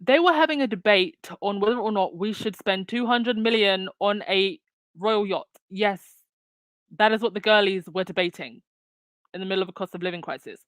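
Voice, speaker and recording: A woman's voice: medium pitch, normal speed, dry recording. A woman hosting her own commentary channel, talking casually with lots of fillers and restarts. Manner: chatty, many fillers and restarts. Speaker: channel host.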